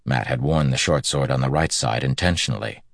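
Very deep, gravelly male narrator. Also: no room sound, clean studio sound. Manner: steady, measured storytelling. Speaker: audiobook narrator. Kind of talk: scripted narration.

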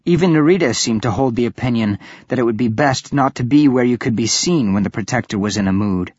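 A man giving steady, even scripted narration of a fantasy audiobook. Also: medium pitch, a little fast, slightly rough, no room sound. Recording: dull lo-fi audiobook recording.

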